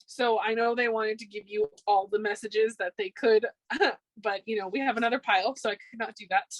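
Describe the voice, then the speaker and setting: A woman's voice: on the high side, fairly even intonation, brisk, no echo, poor audio. A woman giving a casual pick-a-card tarot reading, upbeat and chatty, with frequent ums. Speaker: tarot reader.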